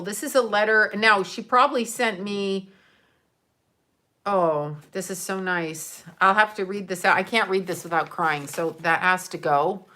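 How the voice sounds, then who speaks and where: This time her voice sits fairly low with a sharp tone. The middle-aged woman opens viewers' gifts on camera, chatting loosely, thanking people and filling her talk with fillers.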